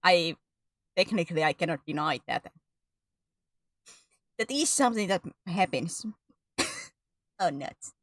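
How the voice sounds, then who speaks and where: A woman's voice: lowish voice, expressive, measured pace, long pauses, no echo. A woman streaming a game, chatting casually with her viewers, giggly and self-mocking. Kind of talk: casual chat while playing.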